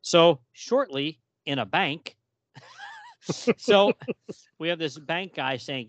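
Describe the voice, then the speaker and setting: A male podcast host with a lively voice whose pitch swings widely. He sounds dry and close, with no room echo. He laughs often and acts out the lines he quotes. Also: slow, long pauses. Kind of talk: casual chat about comics.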